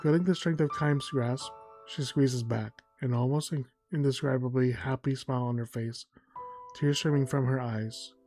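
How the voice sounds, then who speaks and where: Man reading a story softly over music. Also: mid-range voice, steady tone. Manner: soft, unhurried reading with occasional slips and self-corrections. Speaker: gameplay narrator. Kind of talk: reading story text aloud over gameplay. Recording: faint music behind.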